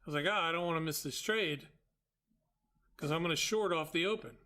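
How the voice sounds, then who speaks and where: A man hosting a trading show, retelling a story with quoted dialogue in an exasperated, quick way. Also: a little high, bright, forceful tone. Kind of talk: animated storytelling.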